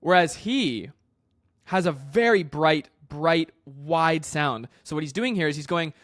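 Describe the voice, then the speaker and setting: High-voiced man teaching singing. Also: unhurried, fairly bright tone, no echo, studio quality. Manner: casual explaining, loose with fillers and restarts. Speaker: vocal coach. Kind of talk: singing lesson with sung demonstrations.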